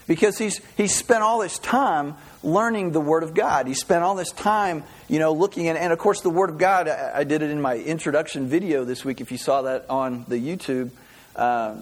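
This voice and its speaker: A man as pastor giving a casual, conversational sermon to a small congregation, telling stories in a relaxed way with many fillers and restarts. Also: a little high, breathy edge. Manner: relaxed, chatty storytelling with frequent fillers and restarts.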